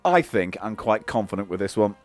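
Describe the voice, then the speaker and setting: A man's voice: fairly low pitch, very animated, fairly quick, faint music behind. A man co-hosting a comedy podcast, teasing and heckling his partner with playful asides. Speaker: podcast co-host. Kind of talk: casual comedic chat.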